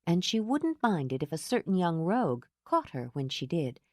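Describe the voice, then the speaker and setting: A woman narrating an audiobook in an expressive storytelling manner. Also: lowish voice, moderate pace, no room sound, clean studio sound. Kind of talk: scripted narration.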